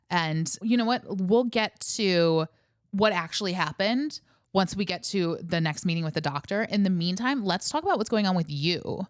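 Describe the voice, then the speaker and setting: A woman in her thirties co-hosting a podcast, speaking candidly and relaxed in casual chat. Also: on the low side, no room sound, studio quality. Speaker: podcast co-host.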